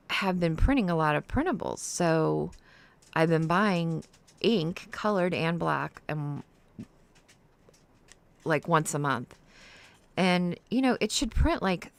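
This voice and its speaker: Gravelly chatty woman crafting. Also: deep voice. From Ohio, US. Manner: chatty, rambling, with frequent fillers and laughs. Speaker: crafting livestream host. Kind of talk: casual chat while crafting.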